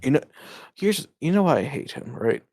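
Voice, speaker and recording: A man's voice: fairly high pitch, very animated, moderate pace, darkish tone, dry recording. A man co-hosting and editing a casual podcast, rambling and cursing freely over a home mic on a voice call. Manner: profane, rambling, trails off and restarts. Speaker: podcast co-host and editor.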